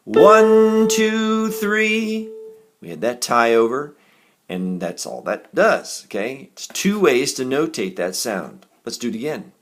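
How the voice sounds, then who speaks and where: A man's voice: mid-range voice, unhurried. A man teaching a recorded music reading lesson, explaining note values patiently and correcting himself now and then. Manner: patient, counts beats aloud in a raised chant; steady and explanatory, with small self-corrections.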